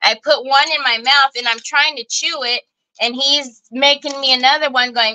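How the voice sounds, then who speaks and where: A woman's voice: high-pitched, fairly even intonation, normal speed, pushed and bright, a little hiss or hum, low-quality recording. A woman, hosting a casual craft livestream in a chatty, folksy way and talking straight to her viewers. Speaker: craft show host.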